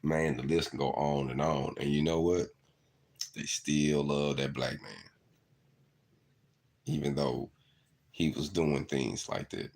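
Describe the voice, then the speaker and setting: A man's voice: very deep voice, slow pace, gravelly, long pauses, a little mellow. A middle-aged man, earnestly telling stories in a reflective monologue. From southeast Arkansas. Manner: earnest, storytelling, repeats "you know". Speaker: channel host.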